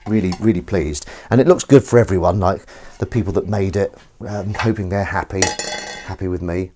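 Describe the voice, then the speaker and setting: Low-voiced man rambling on a live stream. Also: brisk, noisy background. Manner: rambling, self-interrupting, casually sweary. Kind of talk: casual live-stream chat. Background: faint running water and sink sounds.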